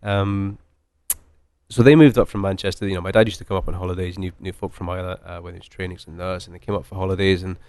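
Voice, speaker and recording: Distiller with a light Scottish lilt, forties, talks fast and chatty, lower voice. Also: male voice, flat delivery, a little mellow, no echo. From Scotland. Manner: chatty, rambling with many fillers and restarts. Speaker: master distiller. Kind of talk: casual podcast interview.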